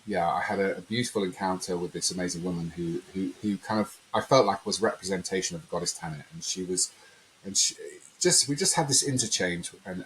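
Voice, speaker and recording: A man's voice: low voice, a little hiss or hum, poor audio. A man telling a personal story in a conversational interview, rambling and acting out quotes. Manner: rambling, animated storyteller who acts out quotes. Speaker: podcast guest.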